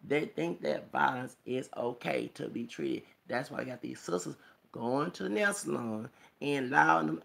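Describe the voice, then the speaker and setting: A man's voice: medium pitch, creaky, fairly bright tone. A man vlogging a rambling, emphatic commentary monologue, preachy and quoting scripture, punctuated with rhetorical "okay?" and "hello!".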